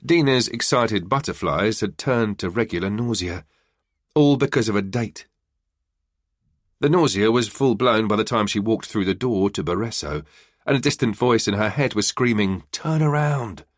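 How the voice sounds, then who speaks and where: A man narrating a crime thriller audiobook in a measured, even way. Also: on the low side, dry recording, clean studio sound. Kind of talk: scripted narration.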